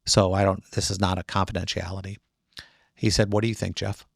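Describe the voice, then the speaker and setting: A middle-aged man, a trial attorney, telling a story in a casual interview, lively, acting out other people's voices in quotes. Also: low voice, brisk, creaky, no room sound, studio quality.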